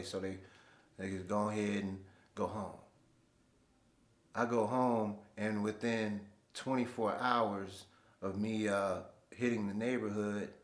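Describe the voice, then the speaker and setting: A man with a fairly low, reverberant voice hosts his own show. He tells stories in a relaxed, slangy style, delivering a casual monologue.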